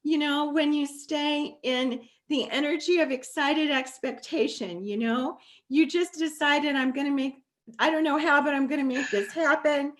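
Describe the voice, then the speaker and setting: A high-pitched woman hosts a masterclass on a video call. She talks affectionately and emotionally, calling the listener sweetie and honey. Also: steady tone, moderate pace. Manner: warm, affectionate, tearful at times. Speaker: masterclass host. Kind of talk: live video call talk.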